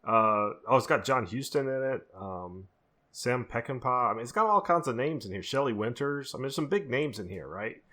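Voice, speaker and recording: A man co-hosting a podcast, chatting casually about films. He rambles with excitement, circling back with "like" and "uh" as he goes. His voice sits in an ordinary middle range. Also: medium pitch, normal speed. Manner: enthusiastic, rambling, lots of fillers. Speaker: podcast co-host. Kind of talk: casual chat.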